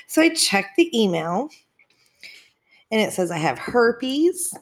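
A woman's voice: a little high, very animated, slow pace. A woman in her twenties telling candid personal stories in casual chat, swearing freely and acting out the people she quotes. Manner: candid, swearing, laughing, acts out quoted dialogue.

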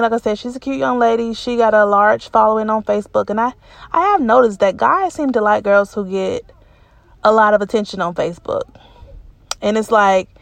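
Woman storyteller, gravelly low fry, unhurried delivery, candid casual chat with emotional repetitions. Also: no echo. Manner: colloquial, says y'all.

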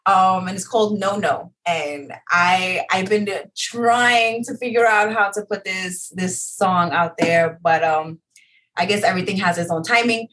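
A woman's voice: medium pitch, measured pace, a bit bright, poor audio. A woman in her thirties, chatting hesitantly as a guest, often trailing off with fillers. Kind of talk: casual chat. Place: home studio booth.

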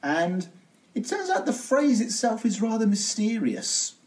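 A man's voice: sits high, huge pitch swings, measured pace. A man co-hosting a music podcast, chatting casually with wry joking asides. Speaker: podcast co-host.

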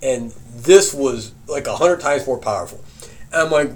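A man casually telling a profane campfire story, animated and often laughing as he recounts it. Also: mid-range voice, normal speed.

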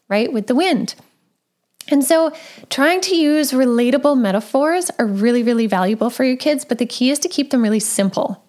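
A woman, a parent, talking casually and gently about raising children, with frequent conversational fillers. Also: high-pitched. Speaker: parent sharing advice. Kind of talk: casual advice talk.

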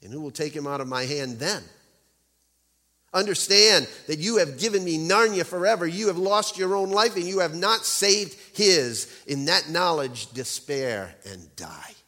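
Preacher putting on a sneering witch queen, cruel and gloating, bright edge, long echo. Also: on the high side, lively intonation, a little slow, pitched above the performer's own voice. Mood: hushed menace. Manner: sneering, menacing, drops to a hushed threat.

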